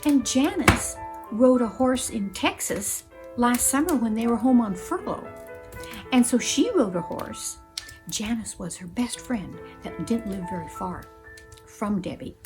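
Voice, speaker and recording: A woman telling a story in an expressive, animated way, acting out voices and gasps. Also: a little high, unhurried. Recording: music playing behind.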